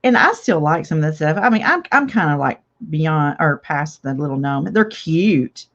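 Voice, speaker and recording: A woman's voice: low-pitched, sing-song, moderate pace, dull audio. An older woman hosting a casual live craft chat, chatty and reading viewer comments aloud with frequent laughs. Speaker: craft channel host.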